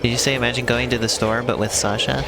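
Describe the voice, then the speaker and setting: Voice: mid-range voice, little pitch movement, quick pace, background noise. A streamer chatting casually during a gameplay stream, laid-back and a little hesitant, often offering bits of trivia. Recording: game music clearly under the voice.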